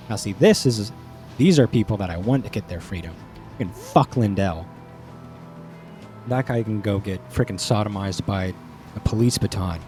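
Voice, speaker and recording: A man's voice: fairly low pitch, dark tone. A man streaming a story game, rambling casually with crude jokes and lots of fillers. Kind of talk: casual let's-play commentary.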